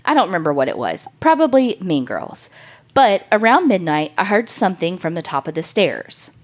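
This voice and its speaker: A woman's voice: sing-song, moderate pace. A woman co-hosting a podcast, reading listener ghost stories aloud and then chatting casually, swearing freely and acting out reactions. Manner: swears casually, acts out reactions with big pitch jumps. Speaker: podcast co-host.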